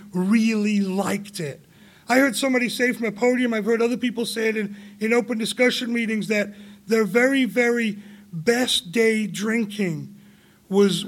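An Englishman in his forties shares his personal recovery story at a meeting, candid and rambling, laughing often and breaking into emphatic outbursts. His voice sits high.

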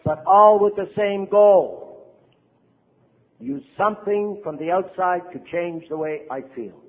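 Older male priest, high husky voice, lively recovery talk, tinny lo-fi sound. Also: measured pace. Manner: animated storyteller, acts out quotes, asks the audience "right?".

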